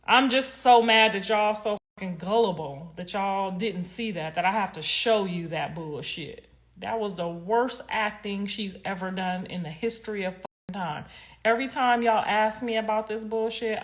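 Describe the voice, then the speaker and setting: A young woman speaks in casual livestream commentary, addressing her viewers directly. She is blunt and sassy, swears freely, and rambles with heavy emphasis at a middling pitch. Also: moderate pace. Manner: sassy, talks straight to viewers. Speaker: livestream host.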